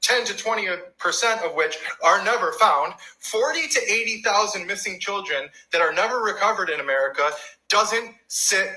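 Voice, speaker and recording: A man's voice: high-pitched, animated, a little fast, few pauses, pushed and bright, poor audio. A man speaking in an emphatic, insistent way, repeating his question. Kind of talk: emphatic speech.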